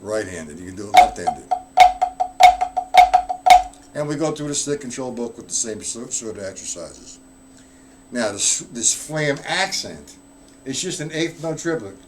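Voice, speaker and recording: A man's voice: medium pitch, sing-song, measured pace, pauses often. A man teaching drum rudiments on a live stream, counting beats aloud between casual, self-correcting explanations. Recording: loud drum and click noise. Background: drumming.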